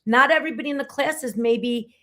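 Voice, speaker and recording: Direct, fairly high-voiced woman co-host. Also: fast talker, sharp tone. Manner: direct, pushes for practical examples. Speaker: podcast co-host and reading teacher. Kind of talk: conversational podcast discussion.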